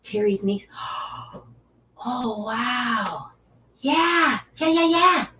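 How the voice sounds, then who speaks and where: A woman's voice: a little high, animated, very slow, pushed and bright, distant mic, slight background noise. A woman hosting a casual live stream, chatty and effusive, cheering on and encouraging her viewers. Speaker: angel card reader and Reiki teacher hosting a live stream.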